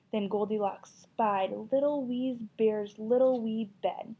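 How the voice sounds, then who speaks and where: A woman's voice: fairly high pitch, fairly even intonation, slow, hardly any pauses. A woman teacher reading a children's story aloud with expression, then asking a class encouraging questions about it. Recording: dull lo-fi recording.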